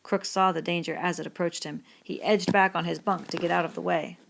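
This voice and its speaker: A woman narrating a novel chapter in a plain, even storytelling manner for an audiobook. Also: on the low side, a little fast, gravelly, a little hiss or hum. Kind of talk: scripted narration.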